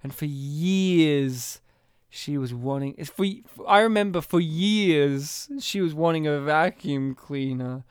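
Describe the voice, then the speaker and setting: A podcaster voicing a stern, cold mother from a film, who speaks slowly and stiffly. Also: clean tone, no room sound, studio quality, natural voice. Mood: reminiscing. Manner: stern, slow and low.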